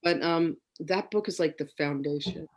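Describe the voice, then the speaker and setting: An interview host sharing a favorite book and asking the guest gentle, admiring questions. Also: medium pitch, moderate pace. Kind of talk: conversational interview.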